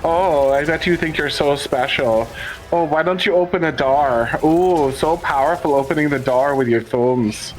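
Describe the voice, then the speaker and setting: A man voicing a smug female house cat who mocks humans in slow, drawn-out sneering taunts. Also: fairly high pitch, close to an everyday voice, low-quality recording. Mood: mocking.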